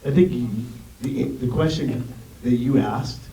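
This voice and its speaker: A man trading jokes at a fan Q&A, taking charge of the questions. His middle-pitched voice is picked up from a distance in an echoey theater. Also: a little slow, warm tone, a little hiss or hum. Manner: playful, joking, takes charge. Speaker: panelist. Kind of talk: convention panel Q&A banter. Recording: roomy theater audio from afar.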